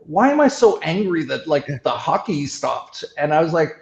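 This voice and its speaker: A man's voice: a little high, very animated, normal speed, creaky, echoey room, rough recording. A middle-aged man from Canada talking casually in an interview, rambling with many restarts and fillers. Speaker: show host.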